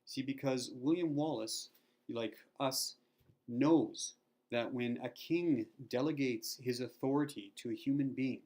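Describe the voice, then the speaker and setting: Retelling a scene and voicing the quotes himself, a middle-aged Christian video teacher offers chatty, rambling Bible teaching. He speaks unhurriedly in a mid-range, slightly mellow voice.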